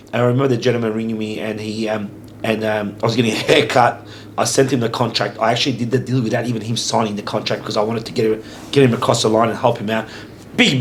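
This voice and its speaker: A man's voice: on the low side, slight background noise. A middle-aged man hosting a podcast, talking casually and emphatically, often repeating his agreement. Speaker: podcast host. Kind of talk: casual interview chat.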